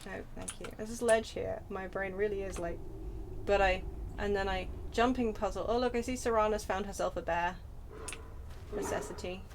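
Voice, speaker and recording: A woman's voice: mid-range voice, fairly even intonation, normal speed. A woman in her thirties with a British accent, chatting casually while streaming a game. She rambles from story to story with self-deprecating asides. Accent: British English. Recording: noisy home stream audio.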